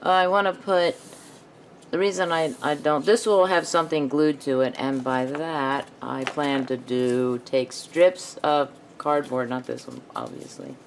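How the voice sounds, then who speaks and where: A woman's voice: sits low, fairly even intonation, a little slow, slight background noise. A woman hosting a casual craft video, talking herself through each step as she measures and cuts. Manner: thinks aloud while working, self-talk. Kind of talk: casual craft tutorial narration.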